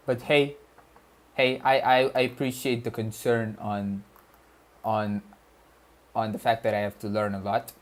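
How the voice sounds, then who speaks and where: A man streams himself studying and speaks in a put-on Arabic-style accent. He talks slowly and loosely, throwing in slang and the odd curse as he answers chat. His words often trip and restart. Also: mid-range voice. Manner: slangy and loose, reads chat aloud, swears, stumbles over words. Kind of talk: casual study livestream, chatting with viewers.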